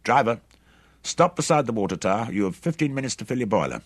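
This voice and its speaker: A man's voice: medium pitch, lively intonation, quick pace, slightly rough, no room sound, voice pushed up. A man voicing a tough mercenary commander who gives curt, commanding orders.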